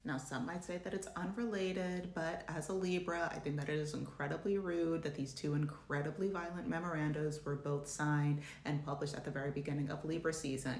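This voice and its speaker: A woman's voice: fairly quick, few pauses, a little hiss or hum. Sarcastic woman in an echoey room. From United States. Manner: sarcastic, joking asides, animated pitch swings. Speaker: journalist and commentator. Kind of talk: casual video essay commentary.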